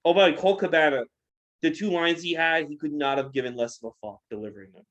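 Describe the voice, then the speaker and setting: A man's voice: fairly high pitch, fairly quick, lo-fi sound. Blunt young man giving critical opinions. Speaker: podcast co-host. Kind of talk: casual post-show chat.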